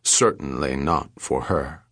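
A man voicing a calm, menacing male captor who threatens in a slow, measured way. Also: deep voice, no room sound, clean studio sound, exaggerated voice.

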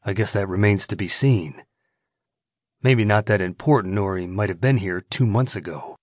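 A man voicing a quiet, dangerous gunfighter. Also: on the low side, normal speed, no room sound, clean studio sound, close to an everyday voice. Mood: cool menacing. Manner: quiet, clipped, controlled menace. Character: calm, dangerous male gunfighter.

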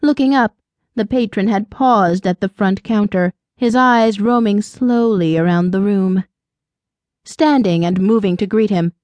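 Reading an audiobook, this woman keeps a steady, measured storyteller's tone. Her pitch is mid-range and the recording carries no room sound.

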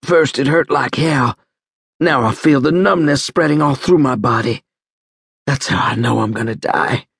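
A badly wounded young soldier, frightened and panicky, pleading through pain in a strained, raised voice well above the reader's own, as a male audiobook narrator plays him. The tone is husky and close, with no room around it. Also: medium pitch, a little slow, fairly bright tone, no room sound, pitched above the performer's own voice, heavily acted. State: in pain, gasping.

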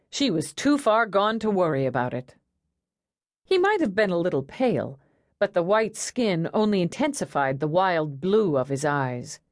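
A woman narrating an audiobook in a wry, expressive storytelling manner. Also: on the low side, no room sound, clean studio sound. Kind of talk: scripted narration.

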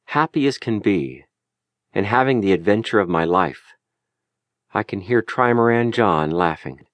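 A man narrating a memoir audiobook in a measured, lyrical, deliberate way, recorded close in a studio. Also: mid-range voice, no room sound. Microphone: close studio mic.

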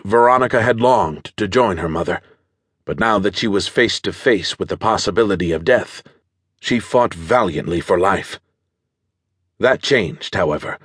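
A man narrating a thriller audiobook in a measured, steady storytelling manner on a close studio mic. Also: fairly low pitch, slightly rough, no echo.

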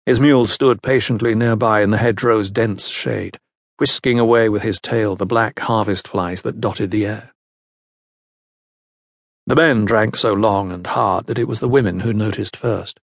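A man giving a measured, scripted narration of a historical novel. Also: lowish voice, steady tone, creaky, dry recording, studio quality. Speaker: audiobook narrator.

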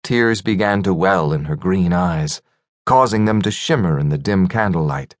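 A man narrating a fantasy audiobook in a measured, gentle storytelling manner. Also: sits low, expressive, dry recording, clean studio sound. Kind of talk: scripted narration.

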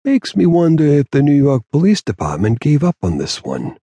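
A man voicing a raspy aging mob boss who speaks slowly, patiently and with quiet confidence. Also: on the high side, wildly swooping pitch, no room sound, pitched above the performer's own voice, exaggerated voice. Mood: brooding. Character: aging mob don, raspy, calm and menacing. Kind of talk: audiobook character voice.

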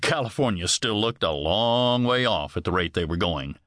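A man reading a western novel as an audiobook narrator, measured storytelling with close studio miking. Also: on the low side, expressive, fairly bright tone, no echo. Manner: measured storytelling with varied voices.

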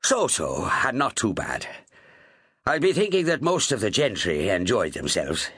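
A man's voice: on the low side, huge pitch swings, a little slow, a bit bright, husky, no echo, clean studio sound, exaggerated voice. A man voicing a hearty Irish sea captain. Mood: easygoing. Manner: hearty, rambling, teasing. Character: jovial big Irish sea captain, middle-aged. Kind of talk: audiobook character voice.

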